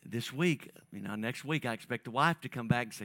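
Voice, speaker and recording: Conversational male pastor with a bright voice. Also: medium pitch, brisk, dry recording. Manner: conversational preaching, swinging from soft near-whispers to loud emphatic peaks; repeats words and restarts phrases. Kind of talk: sermon.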